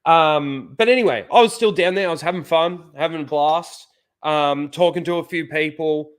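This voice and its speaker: A man's voice: on the high side, moderate pace, clear, resonant tone. A young Australian man, the show's host, telling a rambling, profane story in casual chat, full of fillers.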